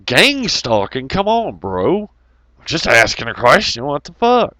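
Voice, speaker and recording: A man's voice: mid-range voice, measured pace, dry recording. A man rambling through a casual monologue, swearing freely and laughing as he tells stories. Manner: profane, laughing, animated storytelling.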